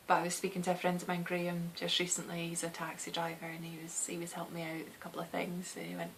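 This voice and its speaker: On her knitting podcast, a woman in her thirties with a soft West of Scotland accent chats and rambles, often laughing and slipping into a whisper. Her pitch sits fairly low, and there's slight background noise.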